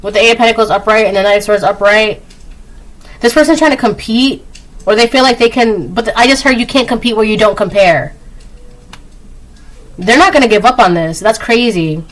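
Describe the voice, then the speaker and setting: A woman's voice: a little high, rough recording. Chatty woman giving a tarot reading. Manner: chatty, acts out quick quoted voices, laughs often. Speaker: tarot reader. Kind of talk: casual spoken tarot reading.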